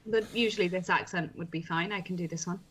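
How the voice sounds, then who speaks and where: A woman's voice: fairly low pitch, fairly even intonation, fast, a bit bright, a little hiss or hum. Playful woman player, casual chat at the game table. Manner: playful, questioning.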